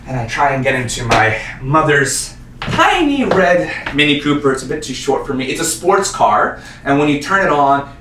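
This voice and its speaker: A man's voice: mid-range voice, normal speed, noisy background. A young man performing a self-mocking solo stage monologue in a small performance space. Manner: self-mocking, animated storytelling. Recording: roomy stage sound from a distance, faint ambience.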